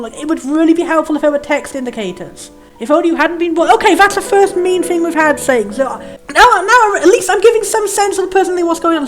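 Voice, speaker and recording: Let's play host, woman, high voice, rapid delivery; reads game text aloud and muses in confused asides. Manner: rambling, puzzled questioning asides. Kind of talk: casual game commentary, reading on-screen text aloud. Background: faint game music.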